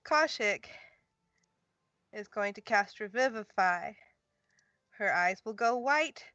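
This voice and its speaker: Slow-talking woman playing a tabletop game. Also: medium pitch, expressive, pushed and bright, dry recording. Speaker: player. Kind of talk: casual tabletop play. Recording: dull lo-fi mic.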